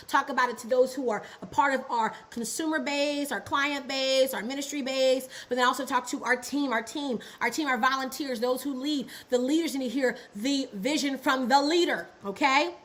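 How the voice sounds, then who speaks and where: A woman's voice: sits high, a bit bright, poor audio. A woman teaching a business and ministry lesson on a livestream, repeating key phrases and asking viewers to answer in the chat. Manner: repetitive, call-and-response with the chat. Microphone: livestream setup.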